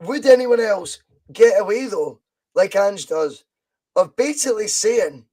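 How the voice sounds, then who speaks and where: A Scottish man in his thirties hosting a casual football podcast over a video call, talking in an excitable, sweary, rambling way. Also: sits high, moderate pace, poor audio.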